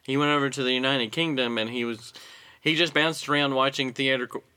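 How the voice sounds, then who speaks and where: A man casually telling a story in conversation, easygoing and clearing his throat now and then. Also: mid-range voice, fairly even intonation, a little fast, bright, forceful tone. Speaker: podcast co-host telling a story. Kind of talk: casual chat.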